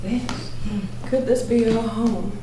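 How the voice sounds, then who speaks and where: A woman's voice: on the high side, steady tone, takes it slowly, warm tone, a little hiss or hum. An actress playing a faded, nervous Southern woman in a stage play, with a theatrical, fluttery delivery. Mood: weary, guarded. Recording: echoey stage from far off.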